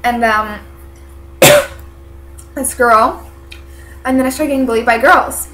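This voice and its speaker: A teenage woman vlogger, congested, telling a personal story to camera in a halting, earnest way full of fillers. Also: fairly high pitch, a bit bright, a little hiss or hum. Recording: echoey room.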